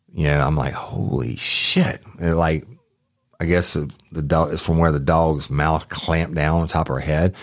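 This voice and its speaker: A man with a very deep, low voice tells a police story in a loose, rambling way. He restarts his sentences and swears freely. The sound is dry and close to the mic. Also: no room sound. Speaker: podcast host recounting a police case. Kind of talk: casual storytelling.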